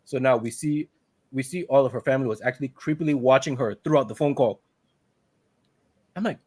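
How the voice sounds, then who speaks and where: A man's voice: medium pitch, brisk, long pauses, darkish tone, husky, no room sound. A man co-hosting a podcast, casually retelling a film's plot, quoting characters and laughing often. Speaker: podcast co-host. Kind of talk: casual movie recap.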